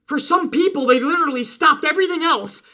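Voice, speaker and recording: A man hosting a wrestling channel, talking loud and half-yelling in a profane, confrontational rant to his viewers. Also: very high voice, fairly quick. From Italian-American household.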